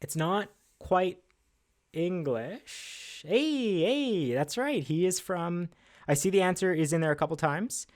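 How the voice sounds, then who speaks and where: A man with a slightly high voice and an unhurried pace hosts casual livestream trivia from behind an indoor desk. He keeps things chatty and upbeat, with lots of fillers and self-deprecating asides.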